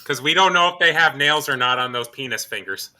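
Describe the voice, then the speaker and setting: A man's voice: mid-range voice, a little fast, bright, forceful tone. A man co-hosting a casual podcast, jokey and teasing. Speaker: podcast co-host.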